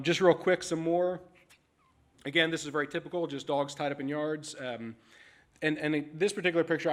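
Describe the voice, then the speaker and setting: A man giving a conference talk as an animal services manager, telling stories in a casual, frank, animated way. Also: on the high side. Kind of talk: conference presentation. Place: conference stage.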